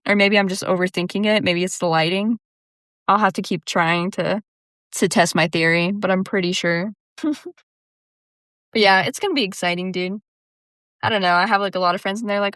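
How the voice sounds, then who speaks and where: A young woman talks on her own podcast in a loose, chatty way, laughing often and throwing in "dude" and "like." Her voice is smooth and clear at a middle pitch. The sound is dry and close. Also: steady tone, moderate pace, pauses often, a bit bright, no room sound. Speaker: podcast host. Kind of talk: casual solo monologue.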